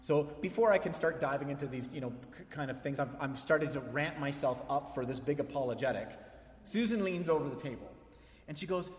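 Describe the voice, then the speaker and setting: Conversational pastor in an echoey hall. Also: male voice, fairly high pitch, brisk. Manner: conversational storytelling with humor. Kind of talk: sermon. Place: church sanctuary.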